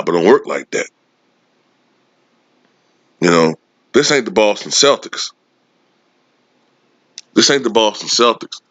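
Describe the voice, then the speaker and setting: A man's voice: fairly low pitch, fairly bright tone, no room sound. A man delivering a sarcastic, profane sports commentary rant. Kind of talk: casual ranting commentary. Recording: dull lo-fi dry recording.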